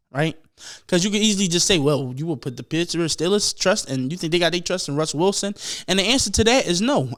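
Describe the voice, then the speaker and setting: Young male podcast host, high smooth voice, loose profane rambling sports talk. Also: a bit bright. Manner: profane, rambling, mimics people in quick asides. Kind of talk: casual sports rant.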